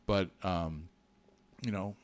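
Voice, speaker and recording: A middle-aged man co-hosting a podcast, telling a personal story in an earnest, animated way with many restarts. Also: sits low, slow. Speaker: podcast co-host. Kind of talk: casual storytelling chat.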